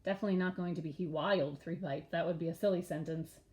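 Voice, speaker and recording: Woman, early-grades teacher, slow letter-by-letter spelling, warm low tone, roomy echo. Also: steady tone. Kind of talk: early-grades reading lesson.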